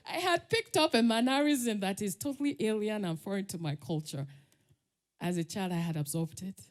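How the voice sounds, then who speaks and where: A middle-aged Nigerian woman with a Nigerian English accent, giving a lively storytelling talk as a conference speaker. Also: a little high, brisk. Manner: lively, laughs often, acts out quotes.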